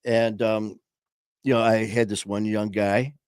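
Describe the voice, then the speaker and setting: Middle-aged male host, casual rambling storyteller, lowish voice, dry close sound. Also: little pitch movement, measured pace, a little mellow, clear, resonant tone, dry recording. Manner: rambling, with many fillers. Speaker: podcast host and former trainer.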